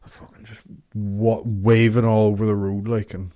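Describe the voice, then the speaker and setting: A man's voice: fairly low pitch, little pitch movement, normal speed, dark tone, no echo, clean studio sound. A young man, co-hosting a casual podcast chat, rambling and swearing freely as he talks. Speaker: podcast co-host.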